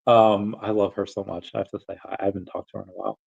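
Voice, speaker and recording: A man's voice: fairly low pitch, flat delivery, fast talker, vocal fry, a little mellow, slightly rough, dull audio. A man casually chatting on a livestream, answering chat questions in a rambling, self-interrupting way with frequent chuckles.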